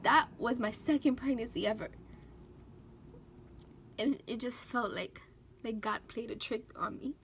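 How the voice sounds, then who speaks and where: A young woman with a high voice, talking to her camera while trying not to cry. Her words break and waver with tears. Faint background noise sits under her voice. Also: measured pace, creaky, long pauses. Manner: tearful, breaking down while telling a story. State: crying. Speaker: vlogger. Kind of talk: emotional personal vlog.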